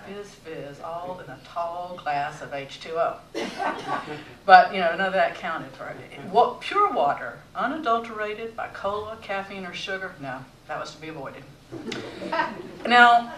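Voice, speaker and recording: A woman telling personal stories on a theater stage, wry and expressive with dramatic pauses. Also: fairly low pitch. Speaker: storyteller. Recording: echoey theater from a distance.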